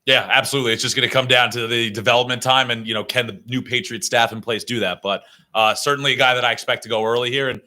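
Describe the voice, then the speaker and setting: A man's voice: mid-range voice, fairly even intonation, quick pace, sharp tone. A young man on a sports panel, asking questions with hedging fillers. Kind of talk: casual sports chat.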